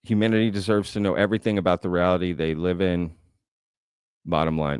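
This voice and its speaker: Low-voiced man hosting livestream. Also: fairly even intonation, moderate pace, long pauses, clear, resonant tone, no echo, studio quality. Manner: conversational, thinking aloud with frequent "right?" and "um". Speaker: host. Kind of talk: livestream Q&A, reading chat comments.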